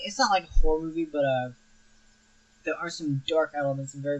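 A man's voice: on the high side, lo-fi sound. A young man hosting a film review show, talking casually and rambling with frequent restarts and fillers.

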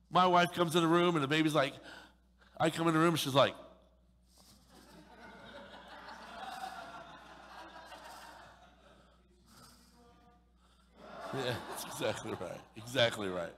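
A middle-aged man preaching a sermon in a church, joking and animated, with playful acted asides. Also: fairly high pitch, drawn-out words, pauses often, noisy background. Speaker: pastor. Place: church sanctuary. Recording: long reverb of a large hall.

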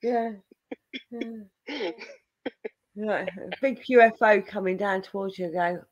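A woman hosting a casual chat, relaxed and joking, acting out quoted reactions. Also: mid-range voice, takes it slowly, pauses often. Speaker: host.

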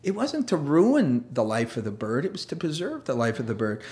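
A man's voice: mid-range voice, wildly swooping pitch, normal speed, darkish tone. A man preaching a sermon as pastor, conversational and self-deprecating, with jokey asides and laughs. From United States. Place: church sanctuary.

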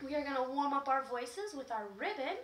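Encouraging children's teacher, woman, high and very animated, sing-song delivery. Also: a little fast, reverberant. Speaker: music and movement teacher. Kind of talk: children's class lesson.

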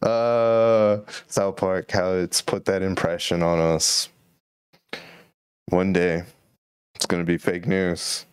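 A man's voice: low voice, little pitch movement, slow, pauses often, clear, resonant tone, dry recording, clean studio sound. A man hosting a solo podcast, musing and rambling casually about current events. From Texas. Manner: rambling, musing, laid-back. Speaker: podcast host.

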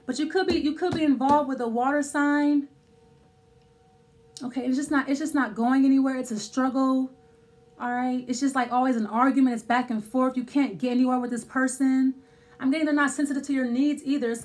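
High-voiced woman doing a tarot reading. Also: fairly even intonation, a little fast, a little mellow, slight background noise. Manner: thinking aloud, many restarts and fillers. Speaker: tarot reader.

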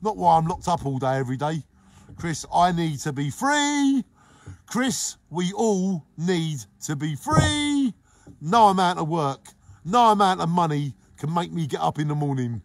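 A middle-aged man from England hosting a live stream, greeting viewers by name in an exuberant, sing-song way that swings between loud and hushed. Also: on the high side, sing-song, unhurried, vocal fry, no room sound. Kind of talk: casual live-stream chat, reading comments.

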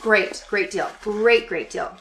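A woman's voice: mid-range voice, takes it slowly, a bit bright, echoey room. A woman in her forties chatting casually to camera at home, rambling through a shopping haul with many fillers and laughs. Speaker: vlogger showing a shopping haul.

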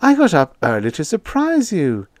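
Brief: male narrator putting on a twittery old landlady, high-pitched, sing-song, very dry close sound. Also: sing-song, unhurried, a little mellow, no echo. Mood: chirpy eager. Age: older. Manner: chirpy, flustered, high falsetto. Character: fussy meddling elderly female landlady.

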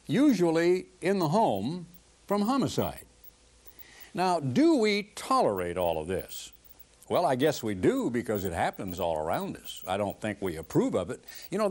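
A man's voice: mid-range voice, darkish tone. An older man giving a televised sermon in an earnest, conversational preaching manner.

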